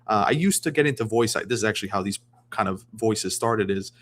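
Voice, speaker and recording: A man's voice: lowish voice, brisk, a bit bright, slight background noise. A man chatting casually as a guest on a livestream, rambling with many restarts. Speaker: guest streamer.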